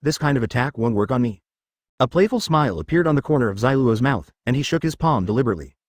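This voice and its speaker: A man reading fan fiction aloud as scripted narration, in an even, quick storybook manner. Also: medium pitch, no room sound, clean studio sound.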